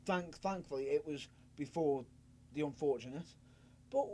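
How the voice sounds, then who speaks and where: A man's voice: a little high, moderate pace, darkish tone. A man co-hosting a wrestling podcast, laughing often and repeating himself as he talks. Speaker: podcast co-host. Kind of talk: casual wrestling chat.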